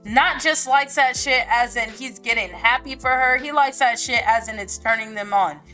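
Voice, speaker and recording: A woman's voice: fairly high pitch, moderate pace, pushed and bright, soft background music. A woman hosting a podcast, giving a casual book reaction in a blunt, slangy, profane way with lots of "like" fillers. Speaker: podcast host.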